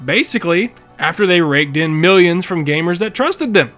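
High-pitched guy ranting about games, sarcastic and punchy, soft music under it. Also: lively intonation, moderate pace. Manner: emphatic, indignant, sarcastic. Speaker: gaming YouTuber. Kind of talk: opinionated commentary.

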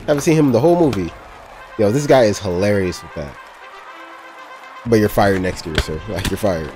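A man's voice: mid-range voice, lively intonation, moderate pace, long pauses, a little mellow, soft background music. A young man casually reacting to a movie, talking in loose slang, cursing and laughing a lot.

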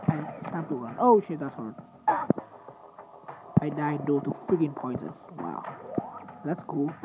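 A man giving sleepy, swear-filled gaming commentary, trash-talking opponents and mocking himself, with loud game noise underneath. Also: a little high. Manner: sleepy, swearing trash talk with self-mockery. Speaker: gamer. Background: loud game sounds.

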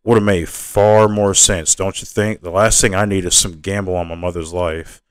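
A man's voice: low voice, fairly even intonation, normal speed, clean tone, dry recording, natural voice. A man reading aloud and voicing a proud, condescending young princess who lectures the others in a lofty tone. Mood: stern.

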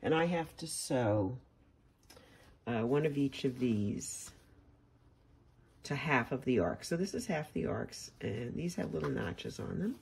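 Chatty woman with a low, gravelly voice. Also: lively intonation, unhurried, long pauses, darkish tone. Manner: chatty, talks to viewers while working. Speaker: quilting instructor. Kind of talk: casual sewing tutorial.

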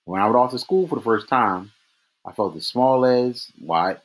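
A man reading aloud, voicing a big, plain-spoken prison guard who talks in rough grammar. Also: medium pitch, normal speed, natural voice, poor audio. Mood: earnest. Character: big burly prison guard, grown man, gruff and shaken.

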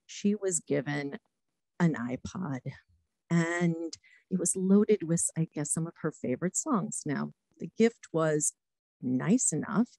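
A middle-aged woman, a former diplomat, giving a talk full of lively anecdotes and acted-out quotes. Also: low-pitched, takes it slowly, creaky, no room sound, poor audio. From United States. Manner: lively anecdotes, acts out quotes, laughs often. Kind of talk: storytelling talk.

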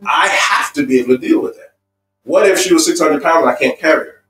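A man's voice: on the high side, animated, fast, fairly bright tone, echoey room, distant mic, faint music behind, poor audio. A man teaching a marriage seminar in an emphatic, repetitive way, building points with personal stories. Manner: emphatic and repetitive, stacking phrases. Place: seminar room.

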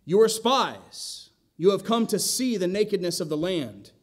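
A man's voice: fairly high pitch, normal speed, darkish tone, natural voice. A man voicing a stern, powerful ancient governor who accuses strangers of spying, read aloud from scripture during a sermon. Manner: accusing, formal scripture reading.

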